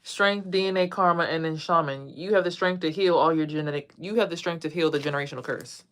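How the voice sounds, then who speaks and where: A woman's voice: low voice, fast, a bit bright. A woman giving a casual tarot reading on a phone livestream, chatting to viewers and drifting between the cards and asides. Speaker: tarot reader.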